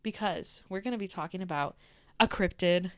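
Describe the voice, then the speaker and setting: A woman co-hosting a podcast in casual chat, bubbly and quick to laugh as she tells stories. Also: on the low side, no echo. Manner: bubbly, laughs often, animated storytelling. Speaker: podcast co-host.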